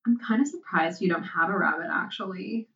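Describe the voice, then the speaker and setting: Woman reading a breezy, sharp-tongued woman. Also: on the low side, a little fast, recorded from a distance, dull audio. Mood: casual. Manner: offhand, then sarcastic and venomous. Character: casual, prickly woman with a cutting edge.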